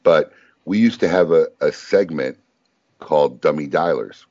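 A man's voice: rumbling low, unhurried, no echo. A man hosting a casual talk show, telling stories with lots of energy and frequent laughter. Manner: animated storyteller, laughs often. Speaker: host. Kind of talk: casual chat. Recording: dull lo-fi sound.

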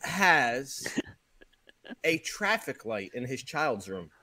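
A man co-hosting a casual podcast, teasing his co-host in lively banter. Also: mid-range voice, slow, a crowd in the background. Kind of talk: casual chat.

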